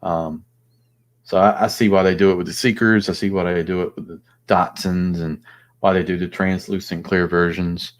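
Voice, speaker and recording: A man's voice: deep voice, flat delivery, moderate pace. A man hosting a casual live chat, rambling and thinking aloud with plenty of fillers. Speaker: host.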